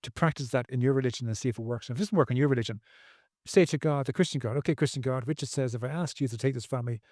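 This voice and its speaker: A man's voice: medium pitch, very fast, darkish tone, no echo, studio quality. A man speaking as a podcast guest, earnest and preachy, repeating phrases for emphasis. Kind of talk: podcast interview.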